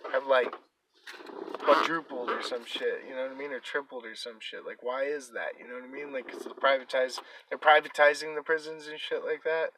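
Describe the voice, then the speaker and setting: A man's voice: medium pitch, brisk, background noise. A young man hosting a podcast, telling a story in casual, profane chat and acting out the people in it. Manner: animated storytelling with swearing and acted-out quotes. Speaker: podcast host.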